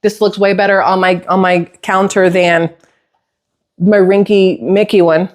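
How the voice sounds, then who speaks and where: A woman's voice: mid-range voice, little pitch movement, a little slow. A middle-aged woman vlogging casually from her home kitchen, rambling off on tangents and swearing lightly. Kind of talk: casual chatty vlog.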